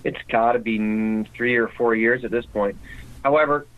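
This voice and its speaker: A man's voice: mid-range voice, steady tone, normal speed, narrow, tinny audio. A man with a mid-range voice answering as a guest in a casual interview. He talks conversationally and often restarts his sentences.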